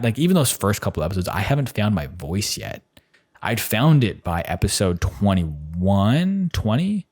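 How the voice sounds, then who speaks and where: A man's voice: fairly low pitch, slightly rough. A man in his twenties talking casually on his own podcast, rambling with lots of fillers. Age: 20s. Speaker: podcast host. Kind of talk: solo podcast monologue.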